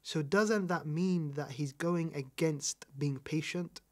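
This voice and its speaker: A British man with a fairly high-pitched voice teaches a religious lesson. He presses his points home, repeats them for weight and throws questions back at the listener. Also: slow pace. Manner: emphatic, repeats key points, asks rhetorical questions. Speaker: Islamic teacher.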